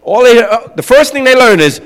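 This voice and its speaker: A man's voice: very high-pitched, sing-song, a little fast, a bit bright. A male pastor preaching a sermon in a conversational way, often asking his congregation "right?". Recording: long hall reverb with mains hum.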